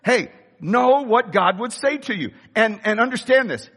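Husky high-voiced preacher guy, bright tone, all over the place with his pitch, big echoey hall. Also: expressive, normal speed. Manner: impassioned preaching, rising to shouts. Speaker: pastor. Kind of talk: sermon. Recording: long reverb of a large hall.

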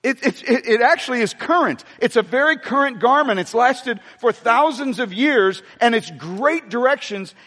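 A man preaching a sermon, animated, repeating himself and speaking straight to the congregation. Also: high voice. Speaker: pastor. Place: church sanctuary. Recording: long hall reverb from a church sanctuary.

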